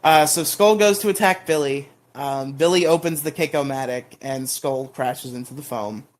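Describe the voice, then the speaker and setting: A man's voice: a little high, moderate pace. A man co-hosting a podcast, recapping episodes in a rambling, casual way with lots of ums and bursts of playful mock outrage. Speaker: podcast co-host.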